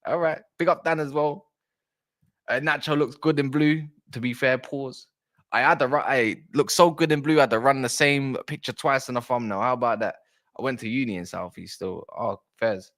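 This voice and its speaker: A chatty South East London man hosts a football livestream in a mid-range voice at normal speed. He keeps the talk casual, shouting out viewers and reading the chat aloud.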